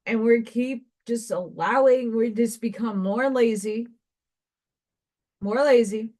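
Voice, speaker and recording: A woman's voice: a little high, slow pace, darkish tone. A woman giving a spiritual card reader's monologue to her viewers, meandering and conversational and thinking aloud with asides.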